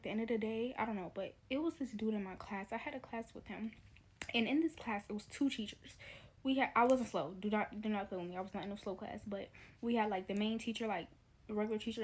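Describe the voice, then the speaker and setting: A woman's voice: mid-range voice, slight background noise, rough recording. Chatty woman telling a school story. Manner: chatty, repeats herself for emphasis. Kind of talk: casual storytime.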